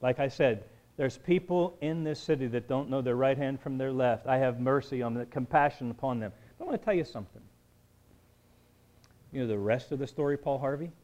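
A man as pastor, preaching a conversational sermon with joking asides and shifts between quiet talk and emphatic build-ups. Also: medium pitch, fairly quick, lo-fi sound.

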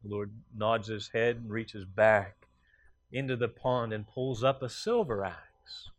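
Slow, deliberate male preacher. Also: fairly low pitch, no room sound. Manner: storytelling with pauses and fillers, voices rising for quoted lines. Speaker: pastor. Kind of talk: sermon.

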